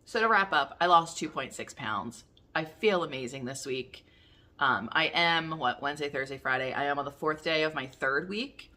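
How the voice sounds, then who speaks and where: Chatty low-voiced woman vlogger, bright tone. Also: expressive, normal speed, few pauses. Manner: chatty, rambling, candid with swearing. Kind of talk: casual chat to camera.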